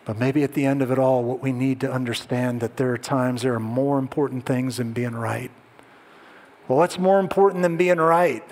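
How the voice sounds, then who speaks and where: A man preaching a sermon as a pastor, telling stories and dropping to soft, hushed tones to drive points home. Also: medium pitch, big-room sound. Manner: storytelling, drops to soft hushed tones for emphasis.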